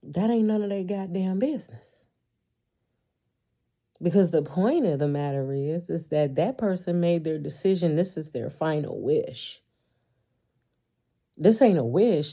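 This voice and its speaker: A woman's voice: lowish voice, expressive, a little slow, long pauses, warm tone, husky. A woman giving a casual tarot reading to her viewers, talking animatedly, swearing freely and laughing often. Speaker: tarot reader.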